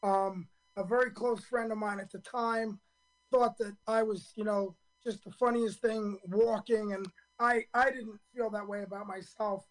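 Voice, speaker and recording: A hoarse man in his fifties, a stand-up comedian telling his story in a radio interview, earnest and full of ums and restarts. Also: high-pitched, fairly even intonation, a little slow, poor audio.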